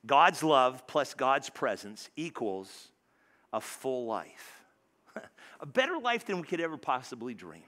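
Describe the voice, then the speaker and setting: A man preaching a sermon in a church, conversational and animated, stumbling over restarts and dropping suddenly soft. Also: mid-range voice. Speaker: pastor. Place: church sanctuary.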